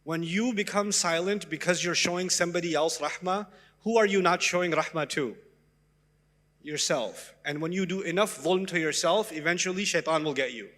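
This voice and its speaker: A man preaching a sermon in an animated way, acting out little dialogues to make his points. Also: on the high side, moderate pace, big-room sound. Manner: animated, acts out dialogues with voices. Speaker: Islamic preacher.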